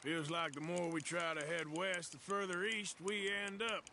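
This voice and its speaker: A man's voice: a little high, fairly even intonation, normal speed, creaky, pushed and bright, slight background noise. An actor playing a sardonic, grumbling male outlaw in a video game.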